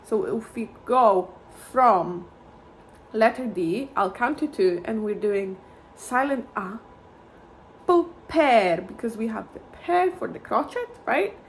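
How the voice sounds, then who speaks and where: Slow-spoken woman teaching violin. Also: a little high, expressive, slight background noise. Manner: patient, clapping out rhythms by chanting fruit words. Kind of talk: music lesson, chanting rhythms.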